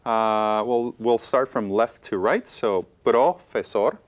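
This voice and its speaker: A woman co-hosting a televised Spanish lesson, pronouncing words slowly and deliberately between English explanations. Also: a bass voice, fairly even intonation. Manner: slow deliberate pronunciation, code-switching. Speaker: Spanish teacher.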